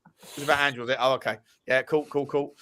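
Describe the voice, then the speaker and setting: A man hosting a casual football fan live stream, chatty and swearing as he shouts out viewers and reads their messages. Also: mid-range voice, fairly even intonation, quick pace, crowd noise. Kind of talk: casual live-stream chat, reading out super chats.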